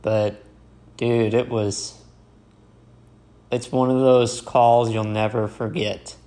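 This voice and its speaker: Slow, halting young man telling a story. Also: medium pitch, little pitch movement, dark tone. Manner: slow, halting, with fillers and restarts. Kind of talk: casual storytelling.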